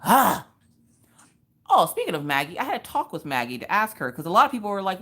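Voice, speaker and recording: A woman's voice: low voice, very animated, quick pace, a bit bright. A woman, hosting a casual livestream while she does a craft, chatting and telling stories to her viewers. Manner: chatty, storytelling, joking asides to chat. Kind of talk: casual chat while diamond painting.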